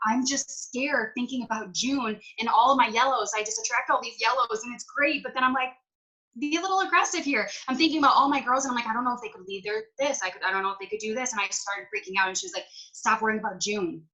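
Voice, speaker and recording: A woman's voice: on the high side, fairly even intonation, fast, few pauses, bright, forceful tone, rough recording. A woman talking casually on a video call as a network marketing team leader, rambling emotionally and acting out her own past conversations. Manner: rambling, emotional, lots of "like" and quoted self-talk.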